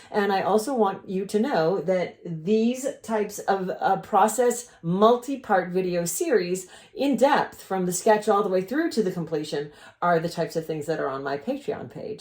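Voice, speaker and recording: A collage artist and channel host leads a casual tutorial in her art studio, chatting through her process with rambling asides. Her mid-range voice is mellow, and the recording is reverberant.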